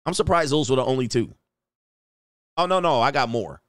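Male host, casual slang-heavy reaction commentary, mid pitch, clean dry sound. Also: brisk, clear, resonant tone, no room sound. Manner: joking, animated, laughs often, slang-heavy.

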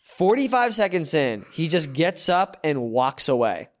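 A man's voice: a little high, big pitch swings, measured pace. A man from the US, a comedian, telling stories in a casual chat and laughing as he goes. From United States. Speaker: comedian guest.

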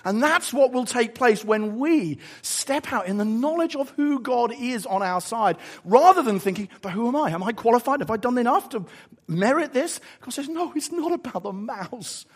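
A man preaching a sermon, telling a story in an animated, emphatic way before closing in prayer. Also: very high-pitched, moderate pace.

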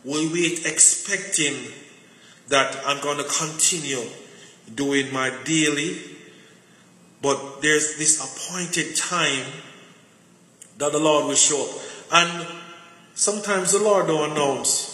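Bright-voiced preacher man in echoey hall. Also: fairly high pitch, slow pace, long pauses. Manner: repeats words while searching for them. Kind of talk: conversational sermon with personal stories. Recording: echoey hall with faint noise.

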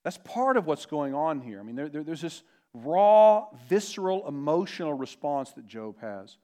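A man preaching a sermon as a pastor, earnest and emphatic, slowing down to stress key words. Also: on the high side, big pitch swings, mellow. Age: adult parent.

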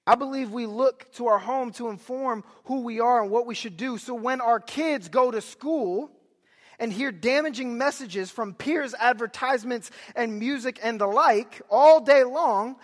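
A young man preaching a sermon, telling family stories with animated delivery and loud bursts of emphasis. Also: extremely high pitch, a little slow, in a large hall. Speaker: pastor.

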